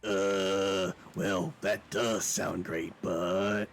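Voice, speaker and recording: A man's voice: low voice, steady tone, very slow, slight background noise, heavily acted, poor audio. A man voicing Prince Damien, a brash, boastful young prince who turns indignant, in live improvised voice acting. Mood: sheepish.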